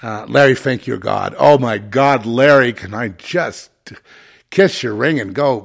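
A man's voice: mid-range voice, unhurried, vocal fry. A man hosting his own podcast, delivering an angry, profane and sarcastic solo rant. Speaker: podcast host.

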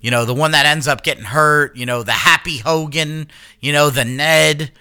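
A man's voice: a little high, fairly even intonation, moderate pace, pushed and bright, clear, resonant tone. A man co-hosting a podcast, rambling and swearing in casual chat, full of fillers and restarts. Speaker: podcast co-host.

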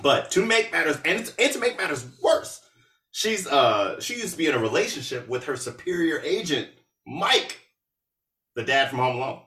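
A man hosting a podcast, recapping a movie in a casual, animated and sarcastic way. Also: fairly high pitch, moderate pace, echoey room, recorded from a distance. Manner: animated, sarcastic, with laughs and asides. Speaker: podcast host.

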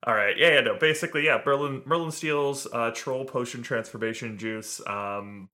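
A man's voice: medium pitch, normal speed, pushed and bright. A man co-hosting a podcast, recapping a TV episode in eager, rambling casual chat. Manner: eager, rambling, with many fillers and restarts. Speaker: podcast co-host.

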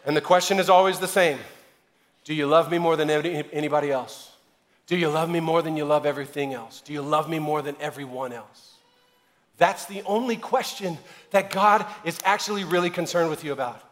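A male pastor preaching a sermon, animated, joking and acting out dialogue, building to loud emphatic passages. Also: fairly high pitch, fairly quick, in a large hall.

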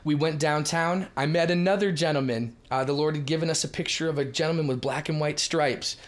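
A middle-aged man from Minnesota, telling ministry stories in a lively, emphatic way as a podcast guest. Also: a little high. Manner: lively, emphatic, quick shifts in loudness. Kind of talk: animated storytelling in a podcast chat.

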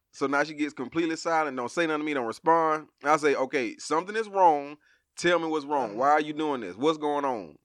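A middle-aged man telling a family story in casual chat, expressive and laughing as he acts out his daughter. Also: a little high, a little fast, no echo, clean studio sound.

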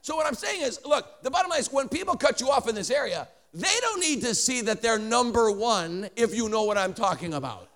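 A man, a traveling preacher, telling a story in an animated sermon with joking asides and many restarts. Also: very high voice, a little fast, few pauses.

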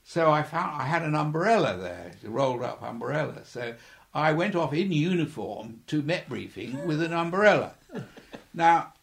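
Older man telling lively anecdotes. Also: fairly high pitch, normal speed, gravelly. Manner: chuckling storyteller who acts out quoted voices. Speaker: interviewee, former air force pilot. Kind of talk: anecdotal reminiscing.

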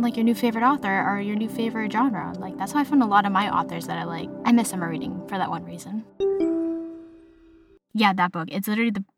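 A young adult woman talking in a casual solo vlog, chatty and animated, slipping into little voices to act out what people say. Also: mid-range voice. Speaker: vlogger.

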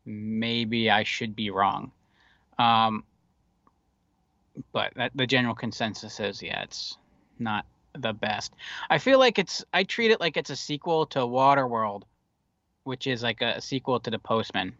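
A man's voice: mid-range voice, measured pace, bright, forceful tone, dry recording, dull audio. A man co-hosting a podcast, talking casually about movies in a rambling, wry way with lots of fillers. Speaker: podcast co-host.

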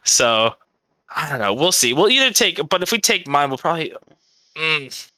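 Guy on a podcast rambling thru his plans out loud, bright clear voice, dry sound. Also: on the high side, big pitch swings, normal speed, dry recording. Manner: rambling, thinks out loud, swears. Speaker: podcast co-host. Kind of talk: casual chat.

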